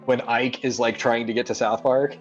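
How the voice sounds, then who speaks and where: A man co-hosting a casual gaming news podcast, animated and jokey, often talking over his partner. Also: medium pitch, normal speed, highs cut off, faint music behind. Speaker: podcast co-host.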